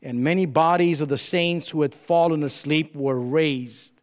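High-voiced preacher in a reverberant hall. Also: male voice. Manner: dramatic pauses, emphatic rises and drops. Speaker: pastor. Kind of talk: sermon.

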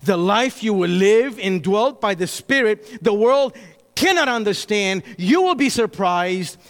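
A man preaching a sermon dramatically, with long pauses, who drops suddenly to a hush. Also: high voice, lively intonation, in a large hall.

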